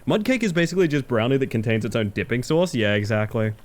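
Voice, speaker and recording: A man's voice: medium pitch, big pitch swings, quick pace, slight background noise. A man chatting casually with his viewers while he streams a game, rambling and laughing easily. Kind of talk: casual gaming-stream chat.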